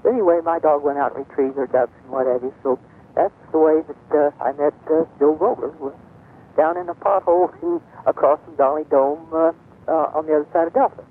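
An older woman, a guest on a radio show, telling a rambling story with many pauses and fillers. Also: deep voice, husky. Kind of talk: reminiscing on a call-in radio show. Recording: tinny phone-line sound.

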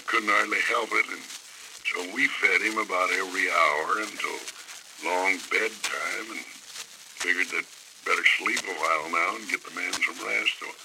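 A man's voice: deep voice, vocal fry, background noise. An older man telling a rambling, folksy frontier yarn in plain country grammar. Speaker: storyteller. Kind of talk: oral history storytelling.

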